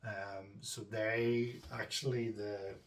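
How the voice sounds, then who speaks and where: Rambling Northern Irish man, low voice. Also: level tone, slow pace, far from the mic. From Northern Ireland. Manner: rambling and chatty, with frequent ums and asides to viewers. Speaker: homebrewing channel host. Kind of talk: casual chat to camera.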